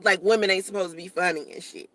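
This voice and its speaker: A woman's voice: fairly low pitch, fairly even intonation, fast talker, fairly bright tone, dry recording. A young woman vlogging casually from her parked car while eating, chatty and joking, talking with her mouth full.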